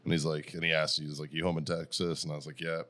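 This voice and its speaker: Man, very low voice, profane, laughing storyteller, casual podcast chat. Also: level tone, fast talker, a bit bright. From Boston area. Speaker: podcast co-host.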